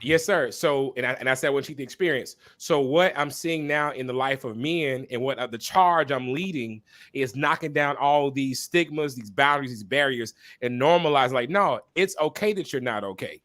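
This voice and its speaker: A man speaking as a podcast guest and minister, talking candidly and passionately, repeating phrases for emphasis like a preacher and pausing to apologize for talking so long. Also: medium pitch, a bit bright. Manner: apologetic asides to listeners. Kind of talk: candid conversational testimony.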